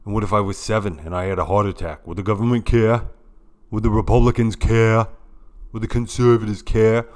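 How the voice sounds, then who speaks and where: A man doing an impression of a loud, ranting elderly male politician who fires off indignant rhetorical questions. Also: lowish voice, steady tone, fairly quick, lightly acted.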